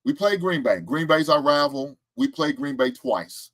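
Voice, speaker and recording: A man hosts a casual sports talk stream, bragging about his team's season and teasing the haters in the chat. His voice sits a little high for a man and swings up and down with a lot of life, cocky and playful throughout. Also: normal speed. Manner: boastful, animated, trash-talking with laughs and chat replies. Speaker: show host.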